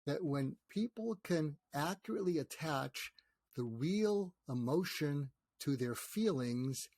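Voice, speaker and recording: A man's voice: on the high side, takes it slowly, no room sound. An older man, a psychiatrist and author, talking in a conversational interview and acting out snippets of dialogue as he explains. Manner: animated storyteller, acts out quoted dialogue.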